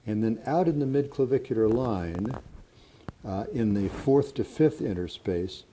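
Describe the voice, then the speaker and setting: Older man, low mellow voice, calm clinical teacher pausing with fillers. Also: a little hiss or hum. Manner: calm explanatory, frequent uh fillers. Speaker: instructor.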